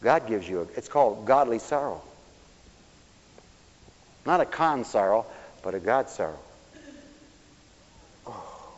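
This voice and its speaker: A male preacher giving a sermon for radio, animated and swinging from loud exclamations to hushed tones. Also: on the low side, slow pace, long pauses. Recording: dull, echoey church recording.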